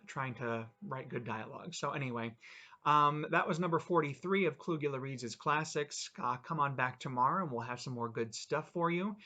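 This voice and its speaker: Relaxed man reading his own stories. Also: mid-range voice. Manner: relaxed, offhand asides. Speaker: channel host reading his own writing. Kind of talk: casual reading of short stories.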